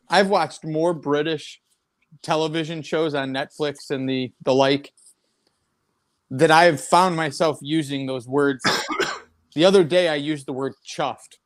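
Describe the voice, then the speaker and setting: American male guest, easygoing talker, pitch a touch high. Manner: chatty, laughs easily. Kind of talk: casual livestream chat.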